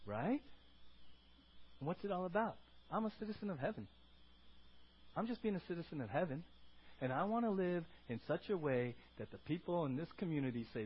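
A man preaching a sermon as pastor, animated and acting out quoted voices, then dropping to a soft prayer. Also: a little high, brisk, breathy edge, highs cut off.

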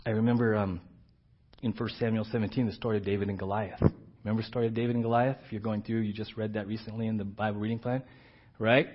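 A man's voice: lowish voice, little pitch movement, fast, dull audio. Conversational middle-aged male preacher. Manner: conversational, keeps asking "right?"; acts out quoted characters with big swings in loudness. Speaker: pastor. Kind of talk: sermon.

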